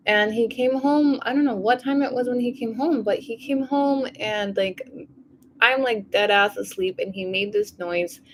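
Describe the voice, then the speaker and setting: A woman vlogger in a casual diary vlog, tired and low on energy, rambling with lots of fillers and speaking openly about her feelings. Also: normal speed, noisy background. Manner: openly emotional, confiding.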